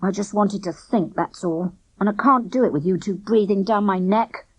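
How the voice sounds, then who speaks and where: A woman's voice: medium pitch, normal speed, breathy edge, no echo, lightly acted, low-quality recording. A woman reading a storybook, voicing a gloomy, lanky boy who mumbles miserably. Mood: glum. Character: gloomy lanky young boy, sulky and withdrawn.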